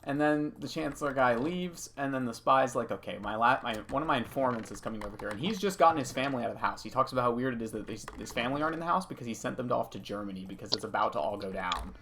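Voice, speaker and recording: A man talks casually on his live stream from a home room, wandering through a long story with plenty of asides. His voice sits at an ordinary pitch, and soft keyboard typing can be heard faintly behind him. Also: racing, few pauses, a little hiss or hum. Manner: rambling, animated storytelling. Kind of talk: casual chat while gaming.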